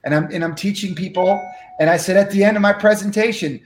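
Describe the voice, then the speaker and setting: A man telling a story from his life as an interview guest, acting out the dialogue with lively energy. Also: sits high, fast, roomy sound. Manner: animated, acts out dialogue. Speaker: guest speaker.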